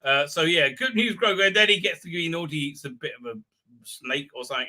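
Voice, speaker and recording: A man with a very bright, ringing voice hosts a live stream and talks through a show, rambling with plenty of filler and mockery. His pitch sits a little high for a man, and he keeps breaking into goofy put-on voices. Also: fast. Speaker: show host.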